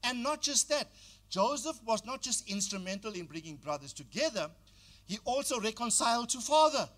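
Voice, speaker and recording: A man's voice: very high-pitched, very animated, moderate pace, fairly bright tone. An older man preaching a sermon as pastor, exhorting the congregation and calling on them to repeat phrases.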